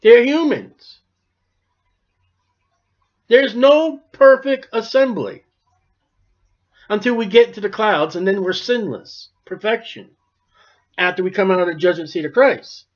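High-voiced folksy male preacher. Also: unhurried, pauses often. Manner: folksy, wry Bible commentary. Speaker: pastor. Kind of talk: expository sermon. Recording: dull lo-fi recording.

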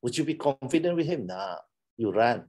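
A man's voice: mid-range voice, sing-song, normal speed, a little mellow, husky. A middle-aged man with a Malaysian English accent, giving a playful, teasing classroom talk and laughing often. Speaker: lecturer.

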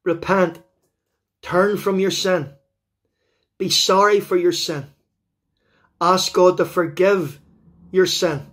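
Fervent high-voiced Northern Irish preacher. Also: male voice, fairly even intonation, slow pace, long pauses, fairly bright tone. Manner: fervent, repetitive appeals to the listener. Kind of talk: evangelistic sermon.

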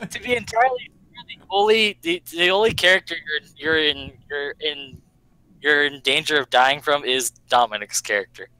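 A man's voice: a little high, moderate pace, bright, forceful tone, smooth, low-quality recording. A man playing in an online tabletop game, chatting casually with joking, sarcastic asides. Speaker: player.

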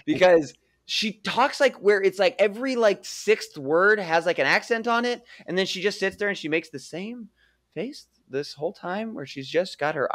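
A man co-hosting a casual TV review chat rants and swears about the things that annoy him, complaining in an animated way. His voice sits high and his pace is moderate.

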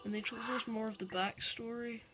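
Woman doing casual gameplay commentary, reads the game text out loud, quick reactions, game music playing clearly behind. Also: on the high side, steady tone, low-quality recording. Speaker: gamer. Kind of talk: casual let's-play commentary.

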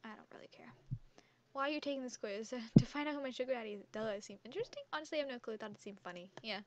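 Very fast and expressive, a teenage girl who makes gaming videos giggles and chats her way through reading and answering quiz questions. Her highish voice is caught on a headset mic draped around her neck, with heavy background noise.

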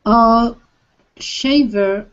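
A woman learning English on a video call answers slowly with hesitant fillers. She repeats each word after her teacher. Her audio comes through dull and lo-fi. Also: fairly high pitch. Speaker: language student. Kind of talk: online language lesson.

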